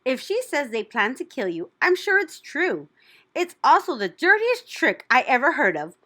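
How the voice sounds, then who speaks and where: Gentle wise spider played by a woman: soft, sweet, brisk, storybook reading. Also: high voice, sing-song, voice pushed up, exaggerated voice. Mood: calm. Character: calm, wise female spider.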